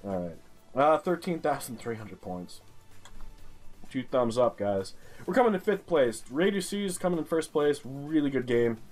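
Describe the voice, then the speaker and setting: Ranting, foul-mouthed New York gamer. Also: male voice, medium pitch, lively intonation, measured pace, darkish tone, soft background music. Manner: exasperated, swears constantly, ranting. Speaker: streamer playing a geography game. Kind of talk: profane gaming commentary.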